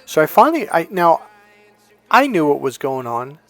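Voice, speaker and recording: A man coaching a course on dating, telling a story bluntly, swearing and shouting his punchlines. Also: on the high side, big pitch swings, moderate pace. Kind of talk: animated storytelling lecture.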